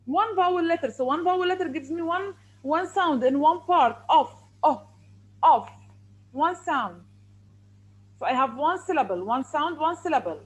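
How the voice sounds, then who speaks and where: High-voiced woman teaching. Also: expressive, normal speed, poor audio. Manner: repetitive, questioning, firm. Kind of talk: online English lesson. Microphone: video call.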